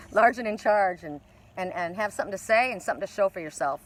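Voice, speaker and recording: A woman's voice: medium pitch, lively intonation, a little fast. A woman doing a live oracle card reading outdoors by a lake, chatty and blunt, swearing casually.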